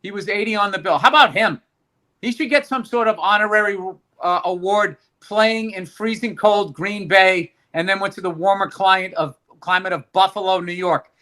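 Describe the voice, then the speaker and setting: Bright high-voiced joking man. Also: normal speed. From United States. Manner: joking, heated ranting, swearing. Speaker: podcast co-host. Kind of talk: casual chat.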